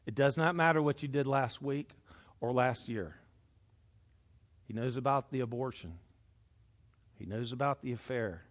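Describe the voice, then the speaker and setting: A middle-aged man preaching a sermon, swinging from hushed, intimate passages to loud, animated outbursts. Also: mid-range voice, normal speed, breathy edge. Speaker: pastor.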